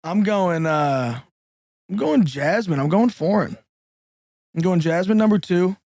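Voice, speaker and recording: A man in casual podcast banter, throwing in quick jokes and wisecracks. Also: high-pitched, lively intonation, darkish tone, dry recording, studio quality.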